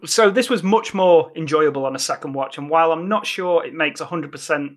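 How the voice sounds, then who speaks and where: A man's voice: a little high, brisk. A man over thirty-five chatting enthusiastically about films he watched, as a podcast co-host. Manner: enthusiastic, chatty, laughs often. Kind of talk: casual film review chat.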